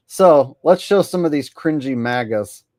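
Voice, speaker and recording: A man's voice: a little high, animated, slow pace, darkish tone, no room sound, studio quality. A man hosting a livestream, crude and joking, laughing between remarks. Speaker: livestream host. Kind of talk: casual commentary.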